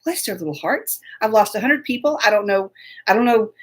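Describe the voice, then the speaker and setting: A woman's voice: medium pitch, lively intonation, a little fast. A woman hosting a casual live stream, chatty and laughing often as she greets viewers by name. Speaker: host.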